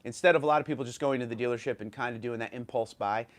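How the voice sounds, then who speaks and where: A man's voice: mid-range voice, rapid-fire. Chatty New York man hosting a livestream. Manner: chatty, thinking aloud with fillers and restarts. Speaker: livestream host. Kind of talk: casual livestream chat reading viewer comments.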